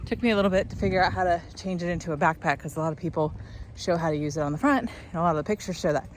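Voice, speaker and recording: Talking very fast in a fairly low voice, a young woman records a walking vlog on an outdoor trail. She rambles upbeat and casual, slightly breathless under a load, and there's a little background noise.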